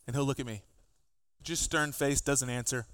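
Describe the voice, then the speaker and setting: A man, a pastor, preaching a sermon, animated and acting out exchanges with his children. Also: mid-range voice, normal speed, clean tone, no room sound, studio quality. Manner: animated, acts out dialogue with his kids.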